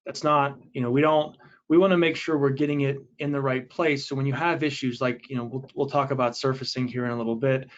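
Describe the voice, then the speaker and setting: Male webinar presenter, mid pitch, casual explanatory delivery with fillers, slightly muffled recording. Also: steady tone, fairly quick. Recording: dull, lo-fi audio.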